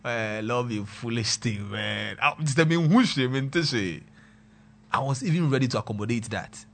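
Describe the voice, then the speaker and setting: Animated young Ghanaian man, bright voice. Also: medium pitch, normal speed, gravelly. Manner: animated, mixing pidgin and local words, swings loud and quiet. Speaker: storyteller. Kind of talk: casual storytelling chat.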